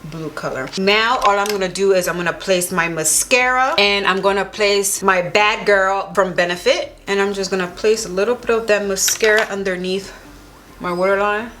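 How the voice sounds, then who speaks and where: With a slightly bright, medium-pitched voice and a steady tone, a young woman narrates her makeup tutorial at a moderate pace. This beauty vlogger gushes with enthusiasm while putting products on, and there's slight background noise.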